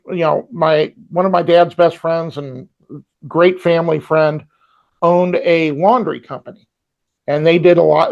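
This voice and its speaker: A man's voice: a little high, creaky, a little mellow, lo-fi sound. A man co-hosting a podcast from home, telling rambling anecdotes in casual chat with frequent ums and restarts. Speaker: podcast co-host. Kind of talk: casual storytelling. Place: home with a robot vacuum running.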